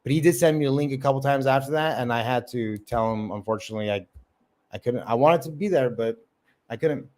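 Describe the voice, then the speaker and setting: A man's voice: mid-range voice, a little fast, a little mellow. A man hosting a casual livestream chat, rambling with lots of fillers. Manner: rambling, many ums and likes. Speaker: livestream host.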